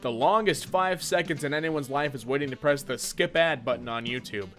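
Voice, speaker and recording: A man's voice: medium pitch, fairly quick, faint music behind. A young man reading and joking about internet memes in comedic commentary, often slipping into silly voices. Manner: animated, jumps into silly voices for jokes.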